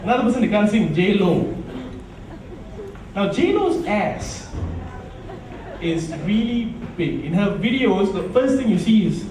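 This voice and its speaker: A man from Malaysia working a club crowd with stand-up comedy. His voice sits high and delivery is punchy, often dropping into low asides. He is heard from far across a very echoey room, with a noisy crowd hum behind. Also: big pitch swings, unhurried, pauses often. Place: nightclub stage.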